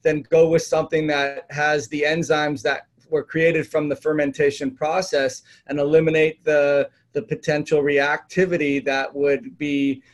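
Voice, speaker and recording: A man with a fairly high voice hosts a health interview. He asks long, winding questions full of "uh" and "you know". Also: flat delivery, measured pace, few pauses. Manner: rambling questions with many fillers. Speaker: chiropractor host. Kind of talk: interview host chat.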